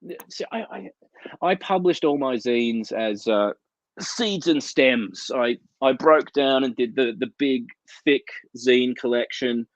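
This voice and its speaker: Taking it slowly in a mid-range voice, a man co-hosting a comics chat show rambles through profane anecdotes on a casual video call. He's calling from his home out in the desert, and the dull, lo-fi call audio has no echo.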